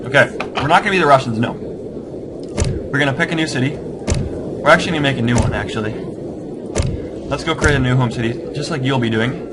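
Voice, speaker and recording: This clip is very noisy. A man with a fairly high-pitched voice hosts a casual gameplay tutorial for a strategy game, wandering off on tangents, doubting his decisions, and running himself down along the way.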